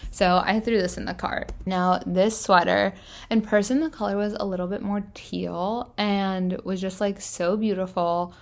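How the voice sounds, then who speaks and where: Young woman, casual vlog voice-over, chatty and upbeat, scattered filler words, mid pitch. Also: steady tone, measured pace. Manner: chatty, enthusiastic, lots of "like" fillers. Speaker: fashion vlogger. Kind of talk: casual thrift-haul voice-over.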